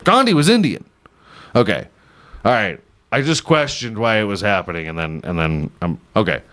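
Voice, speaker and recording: A man's voice: lowish voice, very animated, moderate pace, fairly bright tone. A man hosting a podcast, riffing casually and irreverently on news stories, swearing often and laughing at his own jokes. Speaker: podcast host.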